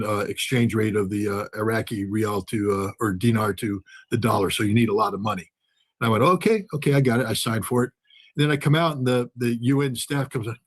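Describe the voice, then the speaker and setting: Male guest, husky voice, animated storyteller who acts out the dialogue. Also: on the low side. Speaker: guest, former weapons inspector. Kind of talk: storytelling in a conversation.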